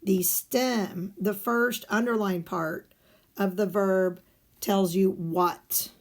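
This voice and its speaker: A woman's voice: medium pitch, fairly even intonation, slow pace. A woman teaching a recorded lesson, explaining step by step and asking and answering her own questions. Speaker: Spanish teacher. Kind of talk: recorded video lesson walking through guided notes.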